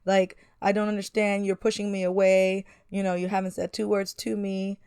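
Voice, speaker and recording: A woman's voice: mid-range voice, little pitch movement, normal speed, a little mellow, smooth, dry recording, studio quality, close to an everyday voice. A woman voicing a pleading young man, a hurt boyfriend in a life-sim game, in her own plain voice. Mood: frustrated.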